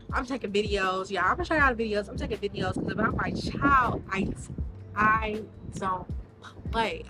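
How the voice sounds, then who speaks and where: A woman vlogger telling a story in a casual, animated way, full of slang and swearing. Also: medium pitch, rough recording.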